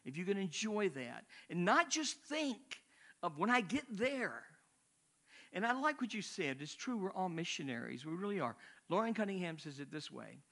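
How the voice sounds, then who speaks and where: A man's voice: high voice, very animated, moderate pace, pushed and bright. An older man, a missionary, preaching a sermon in a conversational, rambling way with asides.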